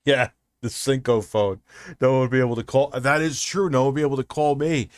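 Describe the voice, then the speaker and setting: A man's voice: medium pitch, fairly even intonation, brisk, clear, resonant tone, no echo, studio quality. A man hosting a livestream, chatting casually with lots of swearing, rambling and restarting his sentences. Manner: restarts and trails off. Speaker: livestream host.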